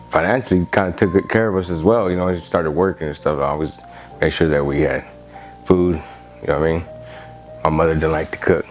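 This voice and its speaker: Man interviewee, very deep voice, laid-back casual talk. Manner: casual, laid-back, says "you know" often. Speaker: interviewee, younger sibling. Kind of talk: documentary interview.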